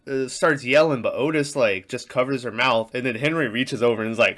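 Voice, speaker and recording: A man's voice: mid-range voice, normal speed, pushed and bright. A man co-hosting a casual movie podcast, rambling crudely and acting out scenes in silly voices. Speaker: podcast co-host.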